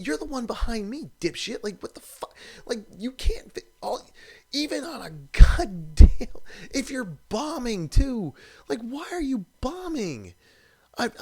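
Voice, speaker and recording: A man hosting a live stream, talking in a loose, fired-up rant full of swearing. His voice sits at an ordinary middle pitch and he jumps between grumbling and outraged exclamations. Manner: animated, profane, exasperated ranting.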